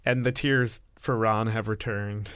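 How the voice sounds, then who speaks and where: Low-ish guy narrating his character in a tabletop game, steady and descriptive, dry close mic. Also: clear, resonant tone, no echo. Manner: measured, descriptive storytelling. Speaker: game player.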